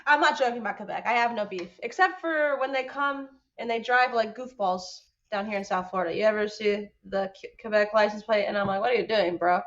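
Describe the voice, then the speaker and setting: A woman's voice: mid-range voice, fairly bright tone. Playful woman with a dull lo-fi sound. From France. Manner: playful, joking, quick laughs. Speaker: guest musician. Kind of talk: casual interview chat.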